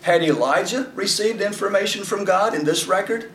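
Folksy man teaching scripture, gravelly voice. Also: high-pitched, moderate pace, a bit bright. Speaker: Bible teacher. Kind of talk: conversational Bible teaching. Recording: echoey room, mic at a distance, faint background noise.

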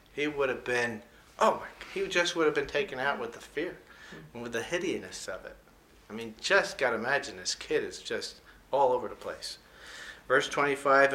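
A man preaching a sermon, reading scripture aloud in a slow, emphatic way and adding folksy, joking comments between the verses. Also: medium pitch, bright, forceful tone. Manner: slows down and stresses key scripture words.

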